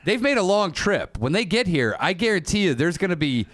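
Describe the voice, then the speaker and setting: A man's voice: sits high, very animated, brisk, fairly bright tone, dry recording. A man co-hosting a podcast in crude, joking casual chat, laughing often. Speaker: podcast co-host.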